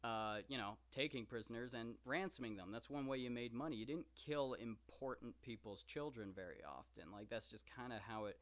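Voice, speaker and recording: A man's voice: mid-range voice, fairly quick, few pauses, a bit bright. A man hosting a live stream, talking casually and enthusiastically about an ancient epic, rambling with many fillers and asides. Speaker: podcast host reading and discussing the Iliad.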